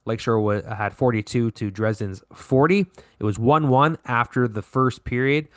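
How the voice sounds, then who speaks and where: A man's voice: mid-range voice, moderate pace, fairly bright tone, no room sound, studio quality. A man co-hosting a podcast, recapping hockey scores in a casual way and correcting himself with lots of fillers. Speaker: podcast co-host.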